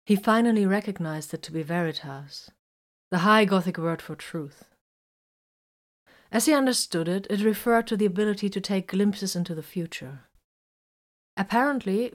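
A woman reading a story aloud in a calm, even storytelling manner. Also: fairly low pitch. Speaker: reader.

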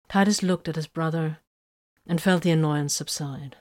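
Low-voiced woman narrating a story. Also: normal speed, a little mellow. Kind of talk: audiobook narration.

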